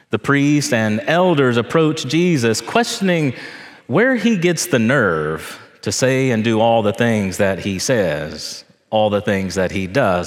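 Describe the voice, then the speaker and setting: Slow-preaching priest in a reverberant church. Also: male voice, mid-range voice. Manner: slow, deliberate preaching with measured pauses. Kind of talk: sermon. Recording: long reverb of a church hall.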